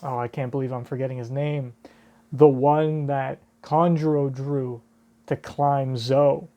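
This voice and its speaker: Brief: male reaction host, unhurried, thinks out loud, mellow tone. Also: medium pitch, fairly even intonation. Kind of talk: live manga reading and reaction.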